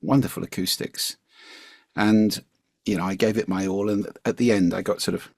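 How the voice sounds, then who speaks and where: A man being interviewed as a communication coach, explaining his points in an articulate, measured way. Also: low-pitched, fairly even intonation, creaky, slightly rough, no echo, clean studio sound. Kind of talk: interview conversation.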